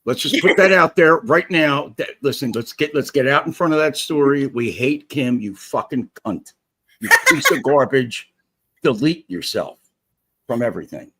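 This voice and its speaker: A man's voice: mid-range voice, expressive, moderate pace, bright, forceful tone, husky. A man chatting as a guest on a livestream, profane and joking, rambling through stories. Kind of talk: casual livestream chat.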